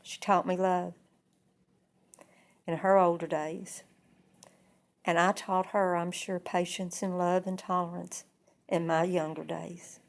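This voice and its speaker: A woman telling a personal family story in plain, unhurried present-tense sentences. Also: lowish voice, flat delivery, gravelly. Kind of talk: oral storytelling.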